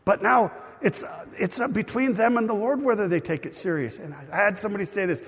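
A male pastor preaching a sermon in an animated, conversational storytelling way. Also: high voice, brisk, few pauses, husky. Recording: long reverb of a hall.

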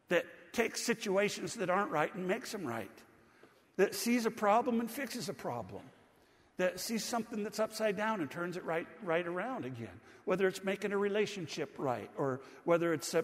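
A man preaching a sermon as pastor, conversational and earnest, slowing down to stress scripture. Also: high-pitched, long reverb tail. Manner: earnest, conversational preaching with slow emphatic quotes.

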